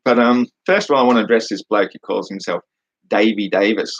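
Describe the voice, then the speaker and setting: A man's voice: lowish voice, fairly quick, no room sound, lo-fi sound. An Australian man answering comments in a combative, mocking rant, blunt and full of swearing. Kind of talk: combative ranting monologue.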